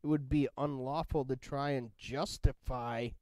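A man's voice: medium pitch, steady tone, measured pace, a little mellow, no echo. A man teaching a Bible study in a casual, conversational way, often checking in with "right?". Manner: conversational, keeps asking "right?".

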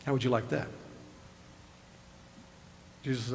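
A man's voice: medium pitch, steady tone, measured pace, gravelly, pauses often, a little mellow, a little hiss or hum. An older man preaching a sermon as pastor, retelling scripture in a conversational way with rising emphasis. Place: church sanctuary. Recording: reverberant church hall with faint ambience.

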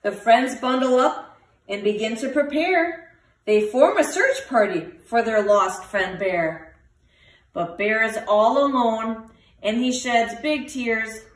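A woman teacher reading a picture book aloud to children, with lively voices for the animals. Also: fairly high pitch, slow pace, far from the mic. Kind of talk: storybook read-aloud for children. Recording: roomy, from the mic.

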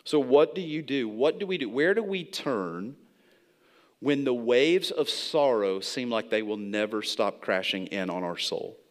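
A man's voice: mid-range voice, animated, measured pace. Earnest male pastor preaching. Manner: earnest, repeats phrases for emphasis. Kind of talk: sermon. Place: church sanctuary.

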